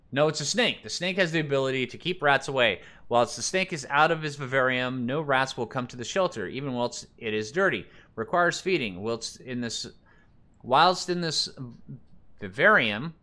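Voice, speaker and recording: Lively, bright-voiced man gaming. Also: mid-range voice. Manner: chatty, muses aloud while reading on-screen text. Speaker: let's play gamer. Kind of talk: casual gameplay commentary.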